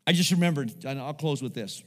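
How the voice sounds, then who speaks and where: In a church sanctuary, a male pastor preaches to his congregation, calling out to them and asking for responses along the way. His voice is fairly high and brisk, with a big-room sound.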